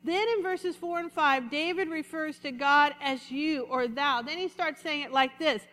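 A woman pastor giving a lively, conversational sermon and calling out to her congregation. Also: high voice, measured pace, few pauses, in a large hall. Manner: lively, conversational preaching with congregation call-outs.

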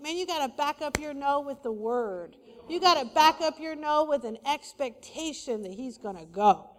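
A woman pastor preaching a sermon, lively and conversational, with playful asides to the congregation. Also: sits high, normal speed. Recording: long hall reverb.

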